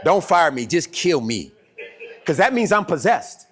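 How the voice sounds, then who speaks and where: A pastor with a Southern American accent preaching a sermon, animated and emphatic, laughing and repeating words for effect. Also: male voice, a little high, measured pace. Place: church sanctuary.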